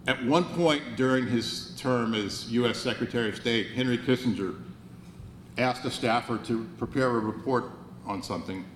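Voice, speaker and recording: A man's voice: mid-range voice, moderate pace. A man in his sixties delivers an earnest, wry motivational speech in a roomy banquet hall. He often repeats and restarts words as he goes. A faint hum sits under his voice. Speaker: banquet speaker.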